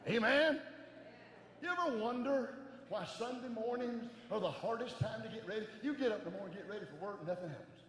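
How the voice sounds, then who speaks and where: A middle-aged man preaching a sermon as an evangelist, animated, swinging from soft asides to shouting. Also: high-pitched, a little fast, slight background noise. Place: large church sanctuary. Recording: echoey church hall with long reverb.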